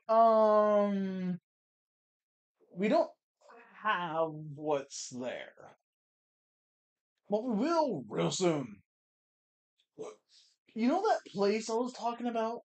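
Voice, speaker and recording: A let's-play gamer chatting casually through a playthrough, wry and swearing now and then. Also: medium pitch. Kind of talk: casual game commentary.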